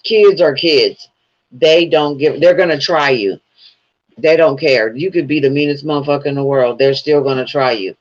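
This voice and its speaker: A man's voice: fairly high pitch, normal speed. A man talking casually to his viewers, telling rambling, profane stories and laughing along the way. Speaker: vlogger. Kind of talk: casual commentary. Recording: dull lo-fi sound.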